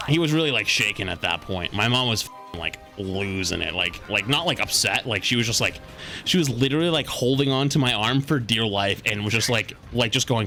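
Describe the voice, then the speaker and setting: A man's voice: medium pitch, lively intonation, brisk, pushed and bright, soft background music. A male streamer telling a story in a heated, profane, casual way.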